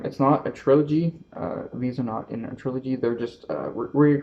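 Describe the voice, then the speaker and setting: A man with a Canadian accent talking casually about his books, halting often with fillers and restarts. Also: medium pitch, lo-fi sound, slight background noise. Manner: halting, many fillers and self-corrections. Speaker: book vlogger. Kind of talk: casual book haul talk.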